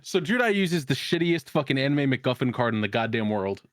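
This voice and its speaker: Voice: mid-range voice, big pitch swings, fairly quick, no echo. A co-host in a casual group chat, ranting with heavy swearing. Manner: profane, ranting. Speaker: podcast co-host.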